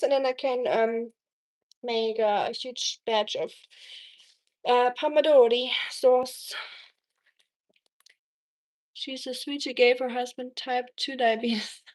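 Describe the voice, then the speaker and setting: A woman's voice: a little high, a little mellow. A young woman hosting a casual cooking live stream, chatting with viewers and reading their messages aloud, from Germany. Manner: chatty, reads chat aloud, frequent ums.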